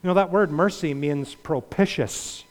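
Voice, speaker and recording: Male preacher, fairly high voice, passionate sermon delivery with pleading prayers, long hall reverb. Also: measured pace. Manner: impassioned, rising to loud pleading prayers then dropping low; asks the congregation questions.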